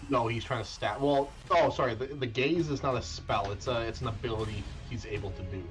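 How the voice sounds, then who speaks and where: A man's voice: mid-range voice, brisk. A man in a mid-range voice narrates as game master of a streamed tabletop game. He describes the combat at length and often breaks off to restart with "uh". Faint music plays behind him. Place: home streaming setup.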